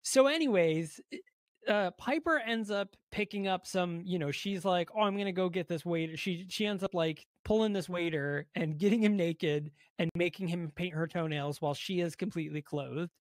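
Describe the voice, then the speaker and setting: Excited co-host retelling movie scenes. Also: mid-range voice, moderate pace, no echo, studio quality. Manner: animated retelling of scenes, swears, acts out quotes. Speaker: podcast co-host. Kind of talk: casual movie review chat.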